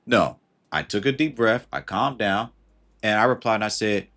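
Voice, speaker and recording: A man's voice: fairly low pitch, lively intonation, moderate pace, a bit bright. A man talking casually on a livestream, giving slangy advice and greeting viewers as he goes. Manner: conversational and slangy, greets chat viewers mid-thought.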